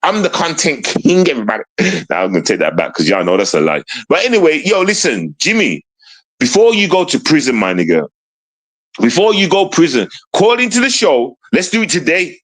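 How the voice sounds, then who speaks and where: A man's voice: on the high side, big pitch swings, a little fast, a bit bright, rough recording. A man hosting a live stream show, taunting and mocking someone with a stream of rhetorical questions and repeated call-outs to his audience. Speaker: show host.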